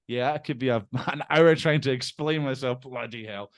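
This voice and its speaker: A man of ordinary pitch chats as a podcast guest. He talks in an animated way, throws in light swearing, and laughs at his own slips. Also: moderate pace, hardly any pauses. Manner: chatty and animated, swears casually; self-deprecating, laughs at himself. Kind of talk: casual chat.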